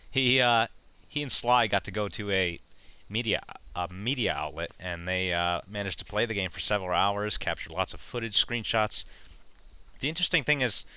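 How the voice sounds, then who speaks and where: A man's voice: on the low side, normal speed, sharp tone, smooth, no echo. A man hosting a casual gaming podcast, reading out news items and chatting with many fillers and frequent laughs. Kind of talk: casual chat.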